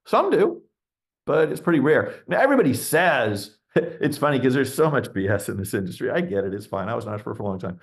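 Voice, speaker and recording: A man's voice: mid-range voice, expressive, fast talker. Blunt, ranting middle-aged man investor. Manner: blunt, ranting, acts out quoted voices. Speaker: venture capital investor, webinar guest. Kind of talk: candid conversational webinar talk.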